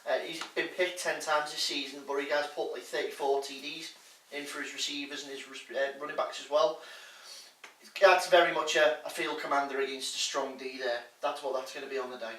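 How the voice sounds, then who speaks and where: A man with a bright, fairly high voice works through sports figures in a relaxed chat, hesitating now and then. He sounds off-mic in an echoey room. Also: fairly quick, recorded from a distance. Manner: rattles off statistics with filler hesitations. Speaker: co-host giving sports stats. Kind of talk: casual comedy sports chat.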